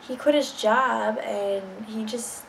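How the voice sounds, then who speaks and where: A woman's voice: a little high, steady tone, slow pace, creaky, a little hiss or hum, low-quality recording. A young woman telling a personal story in a casual vlog, blunt and candid, swearing freely. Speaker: vlogger.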